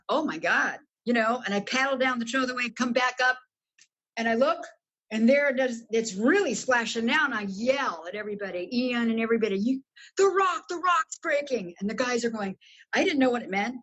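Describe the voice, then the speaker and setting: Animated, husky woman telling a story. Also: quick pace, dull audio. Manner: animated, profane, swoops high when excited. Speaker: guest. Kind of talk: casual storytelling.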